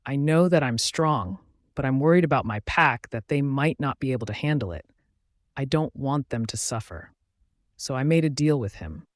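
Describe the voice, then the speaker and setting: A man reading a first-person romance audiobook aloud, dramatic and shifting between hushed and raised delivery. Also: medium pitch, expressive, moderate pace, no echo, clean studio sound. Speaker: audiobook narrator.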